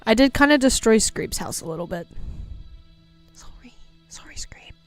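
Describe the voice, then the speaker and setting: A young woman livestreamer chatting casually, playful and giggly, often trailing off into quiet mumbled asides. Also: on the high side, expressive, normal speed, soft background music. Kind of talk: casual stream chat.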